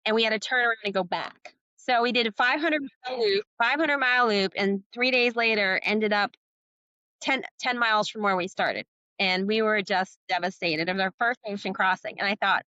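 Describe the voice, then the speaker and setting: Bright, animated woman telling sea stories. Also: mid-range voice, a little fast, dry recording, highs cut off. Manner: animated storyteller, acting out dialogue. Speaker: guest, sailor and author. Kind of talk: storytelling in a podcast interview.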